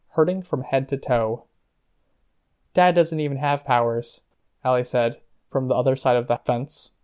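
A man narrating a novel in a measured, even storytelling voice. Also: mid-range voice, dull audio. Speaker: audiobook narrator. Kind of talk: scripted narration.

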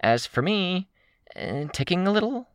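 Offhand, airy young woman, a male reader doing her high and swinging. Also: very animated, unhurried, clear, resonant tone, no room sound, heavily acted. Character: cheerful young woman Shamrock, breezy.

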